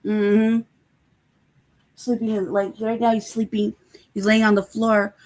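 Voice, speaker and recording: A woman's voice: mid-range voice, unhurried. Laughing, swearing woman telling stories. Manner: laughing often, profane, animated storytelling. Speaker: host. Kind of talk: casual chat.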